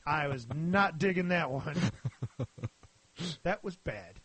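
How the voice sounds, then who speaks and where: Rowdy, lively-voiced man swapping crude stories. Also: on the high side, takes it slowly, slightly rough, no echo. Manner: rowdy, profane, animated storytelling. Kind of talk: casual crude podcast banter.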